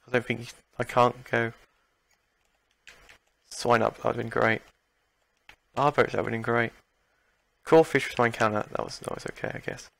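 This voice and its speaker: Young male gamer, frustrated ranting commentary, close dry mic, mid pitch. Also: steady tone, normal speed, gravelly, long pauses, a bit bright, no room sound. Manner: exasperated, ranting, swears and sighs. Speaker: let's play gamer. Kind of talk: game commentary.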